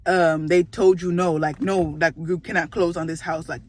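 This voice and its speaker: A woman's voice: lowish voice, little pitch movement, moderate pace, darkish tone, natural voice. A smug, nosy coworker with a taunting edge, sounding much like the teller's own voice, as a woman quotes her in a casual storytime. It stays a light, everyday impression.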